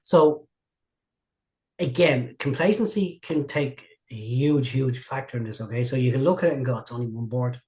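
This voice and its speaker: A man's voice: mid-range voice, moderate pace, a little mellow. A man, a martial arts instructor telling long, rambling stories in a casual interview, often repeating and restarting his words.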